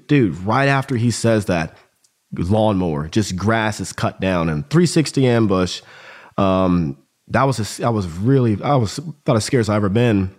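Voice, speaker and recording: A man's voice: on the low side, moderate pace. A man talking as a podcast guest, telling a story casually and with energy. He peppers his talk with dude and bro. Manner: animated, slangy, calls listener dude and bro.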